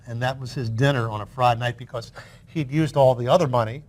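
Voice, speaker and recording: A man's voice: medium pitch, steady tone, quick pace. An older man who is the guest in an interview, reminiscing in a chatty storytelling way with frequent restarts.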